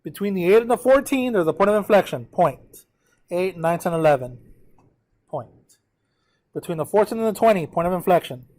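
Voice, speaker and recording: A man teaching a math lesson to his students, his voice pitched slightly above the usual for a man. He works through a graph step by step, counts numbers aloud and keeps checking that the class is following. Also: lively intonation, fairly quick, pauses often, darkish tone.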